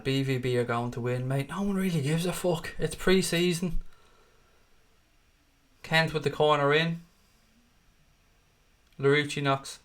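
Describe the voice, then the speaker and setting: A man hosting a live fan watchalong, calling the match play by play, swearing freely and chatting with viewers. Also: a little high. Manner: excitable, sweary, rants at the referee; chats to viewers in the live chat.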